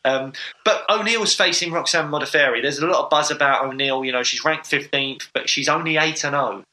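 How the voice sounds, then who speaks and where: Bright-voiced man talking fight sport. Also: fairly high pitch, a little fast, low-quality recording. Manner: enthusiastic, rambling with fillers. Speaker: podcast co-host. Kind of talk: casual sports chat.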